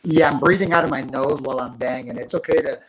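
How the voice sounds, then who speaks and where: A man's voice: medium pitch, quick pace, a bit bright, husky, rough recording. A man in his thirties, a guest fighter in a casual interview, talking in long rambling runs with many restarts.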